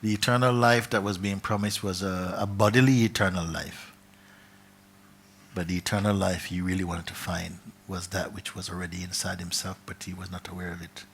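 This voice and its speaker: Soft-spoken, deep-voiced spiritual teacher. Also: male voice, steady tone, moderate pace, gravelly, a little hiss or hum. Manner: soft-spoken, drops to whispers, repeats phrases. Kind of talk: storytelling in a spiritual gathering.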